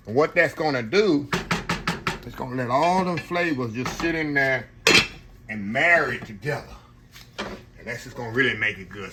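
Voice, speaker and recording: Here an older man presents a home cooking video, chatting with viewers in a homespun way and calling them y'all as he works in the kitchen. His voice is mid-range, with background noise present.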